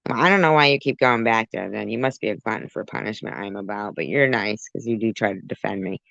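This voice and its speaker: Sarcastic woman with a gravelly voice. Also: extremely low pitch, fast, a bit bright, no room sound. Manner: sarcastic, mocking asides. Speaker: commentary channel host. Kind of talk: reaction commentary. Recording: muffled lo-fi audio.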